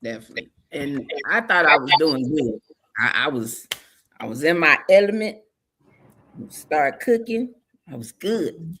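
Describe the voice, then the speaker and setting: A woman's voice: deep voice, animated, measured pace, pauses often, fairly bright tone, slightly rough. A woman on a podcast, candidly telling a personal story in a casual way. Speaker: podcast co-host.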